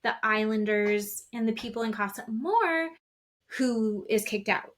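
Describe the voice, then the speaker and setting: In an office setting, a female podcast co-host chats casually, her voice a little high, a bit bright and a little slow. She recounts reality TV scenes, throwing in many quoted asides.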